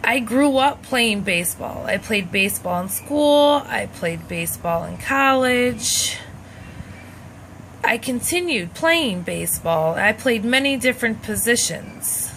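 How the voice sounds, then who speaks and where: A young adult woman telling a personal childhood story in a lively, animated way, acting out the dialogue as she goes. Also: fairly high pitch, a little hiss or hum, poor audio.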